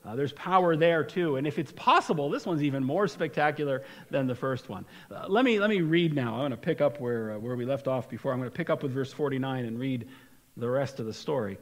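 A man's voice: medium pitch, fairly quick, big-room sound, rough recording. A man preaching a sermon as pastor, talking conversationally with rhetorical questions and frequent restarts. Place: church sanctuary.

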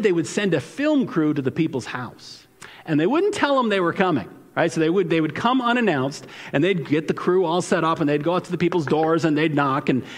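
A man preaching a sermon as pastor in a casual, conversational way, often repeating words and asking "right?". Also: a little high. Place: church sanctuary. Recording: long hall reverb.

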